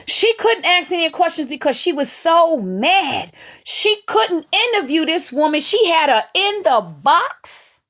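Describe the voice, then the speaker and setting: A woman's voice: very high-pitched, unhurried. A woman hosting a live stream, giving gleeful gossip commentary on other streamers. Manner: animated, gleeful, drawling Southern Black vernacular phrasing.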